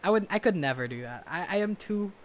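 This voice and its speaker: A loud, rambling young man talks into his laptop camera from his bedroom, mocking himself as he goes. His voice sits high for a man. The tone is an easy, unscripted vlog chat. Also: animated, fast talker, slight background noise. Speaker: vlogger and musician. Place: bedroom at home. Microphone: webcam or laptop camera.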